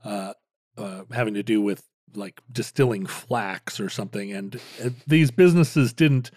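A man's voice: on the low side, a little slow, darkish tone, no echo, studio quality. A man co-hosting a casual history chat, rambling with many restarts and playful jokes. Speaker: podcast co-host.

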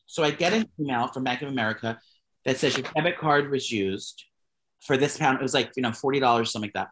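A man's voice: medium pitch, fast, noisy background. Profane, chatty gay man telling stories. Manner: profane, animated storytelling with lots of fillers. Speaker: podcast co-host. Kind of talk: casual gossip chat.

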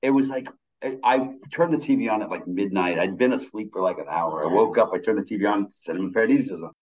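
A man's voice: lowish voice, quick pace, low-quality recording. An older man, a film director, chatting casually in an interview and telling stories with enthusiasm. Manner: animated, enthusiastic storyteller.

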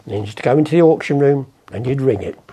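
An older man being interviewed, once an art forger, rambles through anecdotes and imitates the people in them. He talks at a quick pace, animated and warm, his gravelly voice at medium pitch.

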